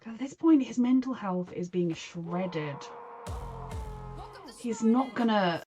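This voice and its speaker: English woman, reaction host, rambling and emotional, slightly dull lo-fi sound, mid-pitched voice. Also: lively intonation, takes it slowly, warm tone, faint music behind. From England. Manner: emotional, rambling, quotes others in mock voices. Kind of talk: casual reaction commentary.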